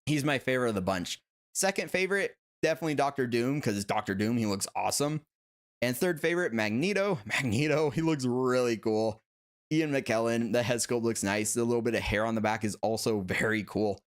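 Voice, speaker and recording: Animated and a little fast, a young man's medium-pitched voice carries a casual livestream about collectible figures as he reads viewer comments aloud. He talks a lot, laughs frequently, and says "like" constantly.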